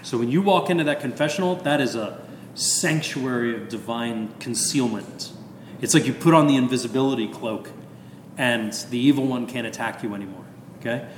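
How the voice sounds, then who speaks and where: A man's voice: medium pitch, slight background noise. Man, 50s, priest, casual chatty talk, frequent asides, roomy echo, long reverb. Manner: animated, chatty, lots of asides and fillers. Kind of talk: casual talk about confession. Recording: echoey room with long reverb.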